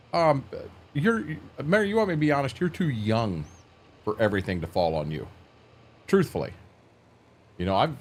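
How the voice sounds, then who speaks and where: An older man hosting a live stream, chatting casually in a plainspoken, rambling way and repeating words as he thinks. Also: on the low side. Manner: plainspoken, folksy.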